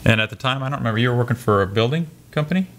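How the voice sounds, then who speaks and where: A man's voice: medium pitch, lively intonation, rapid-fire, fairly bright tone. A man co-hosting a podcast, chatting casually and prompting his co-host with questions. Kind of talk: casual chat.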